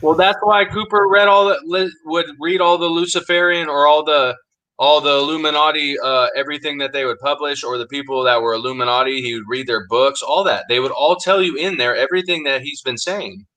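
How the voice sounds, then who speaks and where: A man with a bright, forceful voice chats casually on a podcast. He talks emphatically and insists on his point, throwing in "dude" often. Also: a little high, fairly even intonation, a little fast, poor audio. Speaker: podcast co-host. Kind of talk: casual chat.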